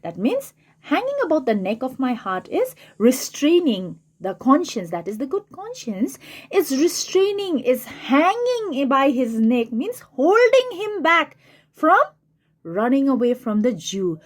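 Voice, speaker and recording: Woman teacher, high-pitched voice, lively rising and falling tone, explaining line by line. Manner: explains slowly, repeating and rephrasing key words. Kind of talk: literature lesson explaining a play.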